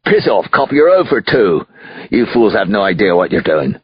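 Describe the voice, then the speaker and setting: A man voicing a drunk, rude, wealthy middle-aged father who shouts and sneers, in an audiobook. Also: lowish voice, big pitch swings, moderate pace, husky, dry recording, dull audio, voice pushed up. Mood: scornful. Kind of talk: audiobook character voice.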